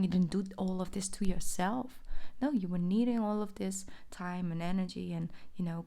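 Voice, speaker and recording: A young woman reading tarot in a relaxed, chatty way, her voice carrying a gravelly fry. She soothes and reassures the listener, now and then slipping into soft whispers. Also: mid-range voice. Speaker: tarot reader. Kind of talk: casual tarot reading monologue.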